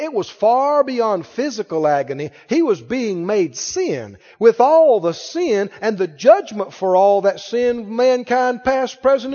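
High-pitched preacher guy, voice swooping all over, fervent call and response, long church echo. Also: darkish tone, dull audio. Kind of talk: sermon.

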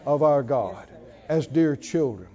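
A man preaching a sermon, swinging from near-shouts down to hushed tones, often laughing between lines. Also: medium pitch, animated, slow, lo-fi sound. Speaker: pastor.

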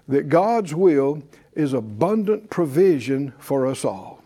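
A man delivers a sermon slowly in a slightly high, sing-song voice with a dark tone. He reads verses with emphatic rhythm and has the congregation join him in repeated call-and-response.

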